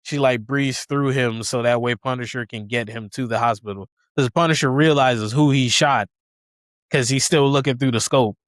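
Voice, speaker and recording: A man recaps a movie plot on a podcast in a relaxed, casual way. His voice is smooth and clear, recorded close and dry, and he animatedly acts out what the characters say as he goes. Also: mid-range voice, moderate pace, no echo. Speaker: podcast co-host.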